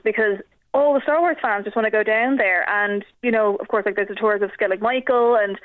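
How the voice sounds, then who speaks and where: A woman's voice: mid-range voice, dry recording. A young Irish woman guest, chatting animatedly about films and laughing often. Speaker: film news editor guest. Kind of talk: casual radio interview. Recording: tinny phone line.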